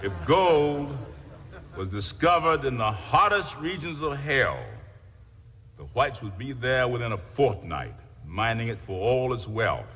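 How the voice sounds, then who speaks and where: A man's voice: mid-range voice, very animated, measured pace, bright, forceful tone, slight background noise. An actor playing a fiery older preacher who lectures his congregation in a stern, mocking way, in a film scene. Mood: stern sermonizing. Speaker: pastor. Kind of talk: film drama acting. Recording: film audio with long reverb and score.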